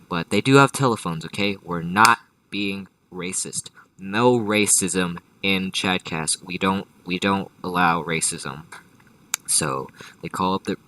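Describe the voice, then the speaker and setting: A deep-voiced man spins an improvised comedy story, rambling and swearing, with constant restarts and tangents. His voice is forceful, and he sits a bit back from the mic in a dry room. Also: recorded from a distance, rough recording. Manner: rambling and profane, many restarts and asides. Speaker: storyteller host.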